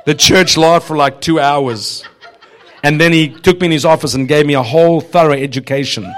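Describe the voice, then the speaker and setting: Man preaching a lively sermon. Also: on the high side, moderate pace. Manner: exhorting, addresses listeners directly, often laughing. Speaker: visiting preacher. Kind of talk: humorous, prophetic sermon. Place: church in front of a congregation.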